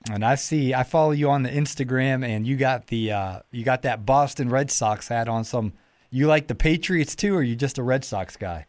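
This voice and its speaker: A man's voice: medium pitch, normal speed, a little mellow, no room sound. A man from Georgia, hosting a podcast in a casual, folksy chat, often repeating his words. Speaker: podcast host.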